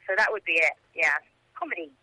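Giggly actress on a tinny phone line. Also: female voice, on the low side, expressive, fast talker, bright, forceful tone. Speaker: actress guest. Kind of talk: phone-in interview.

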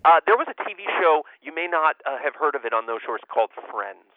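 A man on a remote line from Los Angeles, telling self-deprecating showbiz anecdotes in a casual, lively way. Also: on the high side, fast talker, no room sound, phone-quality sound. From United States. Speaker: guest storyteller.

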